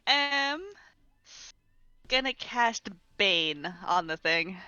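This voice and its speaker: A woman's voice: mid-range voice, animated, extremely slow, bright, forceful tone, clear, resonant tone, no echo, dull audio. A woman playing a tabletop game in casual chat, playful and giggly. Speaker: player.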